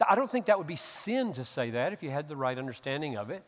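A middle-aged man preaching a sermon as pastor, building from calm explanation to loud, emphatic peaks. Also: medium pitch, fairly quick, few pauses, long reverb tail. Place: church.

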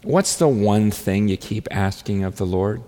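A man preaching a sermon as pastor, earnest and repetitive, often halting and restarting his phrases. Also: fairly low pitch, mellow. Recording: long hall reverb.

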